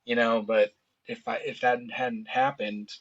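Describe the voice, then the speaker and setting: A man's voice: mid-range voice, flat delivery, a little slow, highs cut off. A man in his thirties telling a painful personal story in a candid, casual way, often saying "you know" and "dude". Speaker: podcast guest.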